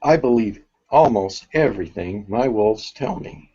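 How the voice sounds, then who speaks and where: Slow, halting man teaching a workshop. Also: fairly low pitch, expressive, mellow, breathy edge, lo-fi sound. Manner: halting, thinks aloud with many restarts. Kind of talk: spiritual workshop lecture.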